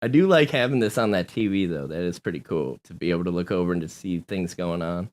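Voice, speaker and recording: A man's voice: low voice, fast talker, darkish tone. A man hosting a casual home podcast, swearing freely and laughing often. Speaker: podcast host. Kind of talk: casual chat. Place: small home room.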